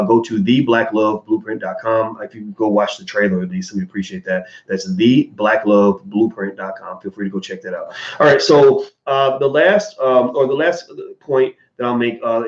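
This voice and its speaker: A man hosting a livestream, answering viewer donations in casual, candid commentary with many fillers and restarts. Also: mid-range voice. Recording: roomy, dull lo-fi sound.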